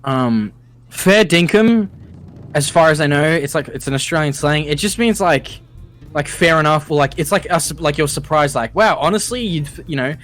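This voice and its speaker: A man's voice: on the high side, moderate pace, a bit bright. A man co-hosting a casual commentary podcast, explaining things in a laid-back way and swearing casually. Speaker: podcast co-host.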